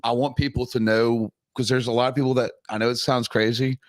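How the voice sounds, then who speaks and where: A man's voice: medium pitch, little pitch movement, brisk, dry recording. A man hosting a casual podcast chat, blunt and swearing freely. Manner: profane, laughing, blunt. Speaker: podcast host. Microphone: desk podcast mic.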